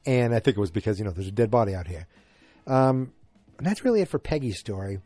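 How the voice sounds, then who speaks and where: Male podcast host, casual recap, halting and rambling delivery, dry close sound. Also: lowish voice, animated, mellow, no room sound. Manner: rambling, halting, many fillers and restarts.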